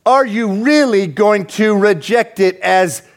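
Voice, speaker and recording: A man preaching a sermon as pastor, conversational and animated, rising into emphatic peaks. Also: high-pitched, takes it slowly.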